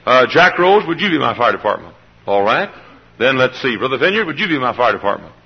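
A husky, breathy man preaches with a swooping, lively delivery. He calls on church members by name and gets the congregation to answer back. The old live recording sounds muffled and lo-fi. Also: medium pitch, quick pace. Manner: animated preaching with congregation call-and-response. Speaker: pastor. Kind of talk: sermon. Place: church service.

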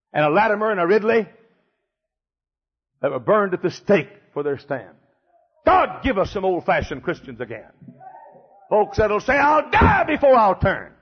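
An older man preaching a fiery sermon as pastor, emphatic and repetitive, swinging between shouts and hushed passages. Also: sits high, husky. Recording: dull lo-fi sermon recording.

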